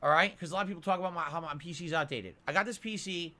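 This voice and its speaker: A man's voice: on the high side, racing, bright, forceful tone. A male streamer complaining at length in an indignant, ranting monologue.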